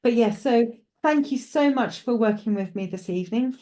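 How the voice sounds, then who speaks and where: A woman's voice: a little high, normal speed, mellow. A woman with a Welsh accent presenting live psychic readings, talking reassuringly and chattily to a caller.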